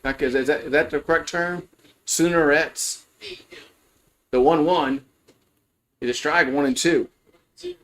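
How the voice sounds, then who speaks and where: A man's voice: a little high, moderate pace, pauses often, fairly bright tone. A man giving casual, rambling play-by-play of a college baseball game on a livestream, full of fillers and restarts. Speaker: fan play-by-play host.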